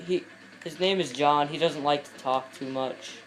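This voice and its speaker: A man talks his viewers through a video game in a loose, chatty way. His voice sits a touch higher than most men's. He rambles and often cuts himself off mid-sentence. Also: moderate pace, fairly bright tone, faint music behind. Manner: rambling, self-interrupting, chatty asides to viewers. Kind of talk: casual gameplay commentary.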